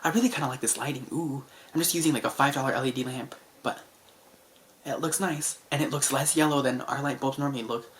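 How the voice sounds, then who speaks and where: A young man talks to camera in a loose, rambling vlog, stringing thoughts together with constant "like" and little restarts. He keeps his voice low and soft, as if trying not to wake anyone at night. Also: steady tone, fast talker, a little hiss or hum. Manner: chatty, filler-heavy with frequent "like"; speaking softly late at night. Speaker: vlogger. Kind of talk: casual rambling monologue to camera. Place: indoors at home at night under a lamp.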